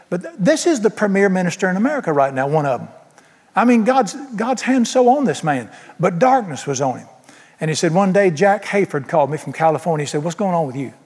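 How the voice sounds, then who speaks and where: A man's voice: fairly high pitch, animated, quick pace, a little mellow. Preacher man in a reverberant hall. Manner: storytelling, emphatic, Southern folksy phrasing. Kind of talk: sermon.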